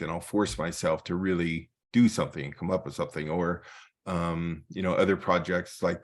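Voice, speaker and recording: Photographer guest speaker, male, lowish voice, chatty storyteller who acts out quotes. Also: fairly even intonation, moderate pace. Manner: storytelling with acted-out dialogue. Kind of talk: casual presentation.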